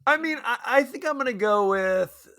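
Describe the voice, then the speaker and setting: A man's voice: extremely high pitch, expressive, moderate pace, sharp tone. A man hosting a podcast, chatting casually with wry humor and laughing as he talks. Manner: wry, laughs while talking, asks for ratings. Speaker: podcast host. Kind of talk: casual chat.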